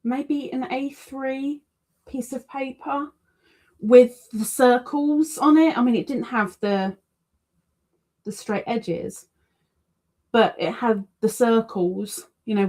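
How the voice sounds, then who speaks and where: A woman's voice: medium pitch, mellow. A woman hosting a casual crafting livestream, reading out viewer comments with chatty, self-deprecating asides. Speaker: crochet livestream host.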